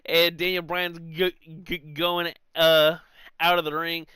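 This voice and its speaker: A man's voice: fairly high pitch, level tone, slow pace, bright, forceful tone, clean tone, no echo. A young man co-hosting a podcast, chatting loosely about sports and swearing freely. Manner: loose, profane, acts out quotes with laughs. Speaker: podcast co-host. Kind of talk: casual sports chat.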